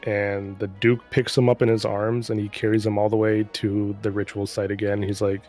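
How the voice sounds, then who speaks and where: A man's voice: lowish voice, little pitch movement, normal speed, hardly any pauses, darkish tone, soft background music. A man casually recapping a game's story in a rambling, profane, sarcastic way. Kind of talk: casual chat.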